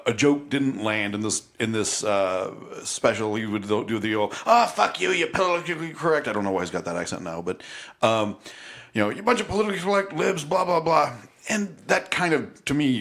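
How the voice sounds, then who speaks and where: A man's voice: lowish voice, a bit bright. A man co-hosting a casual podcast in a studio, talking bluntly and profanely, and mocking others with impressions. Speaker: podcast co-host.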